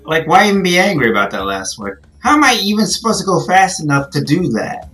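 A young woman playing a video game and commenting, cursing and yelling at the screen in frustration. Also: on the low side, very animated, fairly quick, faint music behind. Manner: frustrated, swears a lot, yells at the game. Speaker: gaming channel host. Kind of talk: let's play commentary.

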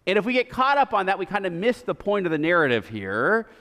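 A man's voice: high-pitched, sing-song, quick pace, a bit bright. A male pastor preaching a sermon, retelling the story casually and animatedly with lots of fillers, recorded in a reverberant church sanctuary.

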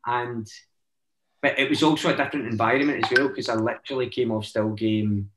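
A man's voice: mid-range voice, steady tone, brisk, reverberant, background noise. A Scottish man chatting as a guest actor, telling stories in a rambling way with lots of "eh" fillers. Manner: rambling storytelling, many "eh" fillers. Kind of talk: casual chat.

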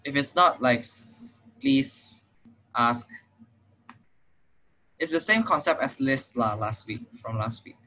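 Taking it slowly with long pauses, a young Singaporean-accented man tutors programming in an online class, his medium-pitched voice gravelly and sharp with big pitch swings. He's casual, uses many fillers, asks "right?" often, and sounds slightly out of breath. The online call audio is muffled and lo-fi.

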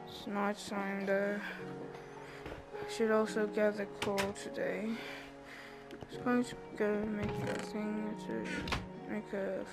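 A young woman giving casual, chatty commentary while playing a video game, thinking aloud and bursting into laughs and squeals. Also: mid-range voice. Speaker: gamer. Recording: game music behind the voice.

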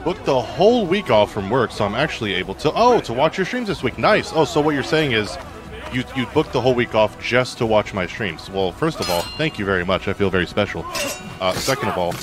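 Brisk and expressive, a medium-pitched man streams a game with its music in the background. His commentary is casual and joking, full of spoken reactions and viewer messages read aloud.

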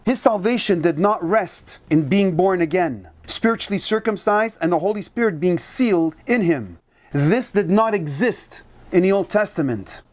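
Bible teacher, emphatic delivery, reads scripture aloud, rhetorical questions, mid-range pitch. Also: lively intonation, moderate pace. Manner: directs listeners to turn to verses and reads scripture aloud.

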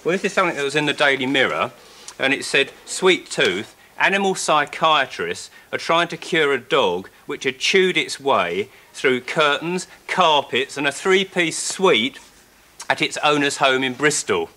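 A man's voice: medium pitch, expressive, unhurried, sharp tone. A man, a poet appearing as a guest, chatting casually and reading his comic rhymed poem with a playful rhythm. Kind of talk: casual chat and poetry reading.

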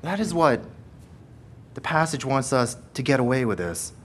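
A pastor preaching a sermon with emphatic repetition and rhetorical questions, swinging between forceful passages and hushed prayer. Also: male voice, mid-range voice, big pitch swings, moderate pace, slight background noise. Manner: emphatic preaching, rising loud then dropping to hushed prayer; repeats phrases and asks rhetorical questions.

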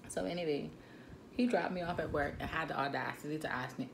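Woman in her twenties, Turks and Caicos Islands accent, low voice, gravelly, animated storytime vlog. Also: fast talker, a little hiss or hum. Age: 20s. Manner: animated, indignant storytelling with frequent asides. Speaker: vlogger. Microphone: phone camera mic.

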